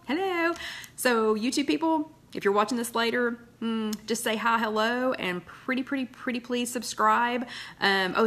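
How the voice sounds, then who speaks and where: A woman's voice: medium pitch, fairly bright tone. A woman hosting a casual live chat from her loft at home, rambling and greeting viewers one by one. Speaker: host of a live weight-loss chat.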